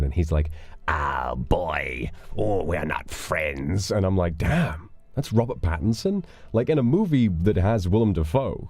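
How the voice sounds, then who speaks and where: A man's voice: low voice, dark tone, no room sound. A man streaming live, rambling casually as he reads donations and chats, with casual swearing. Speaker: livestreamer.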